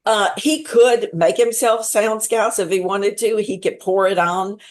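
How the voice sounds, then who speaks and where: A woman author talking as a guest on a podcast, telling stories in a lively, chatty way with quick asides. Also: medium pitch. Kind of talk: casual podcast chat.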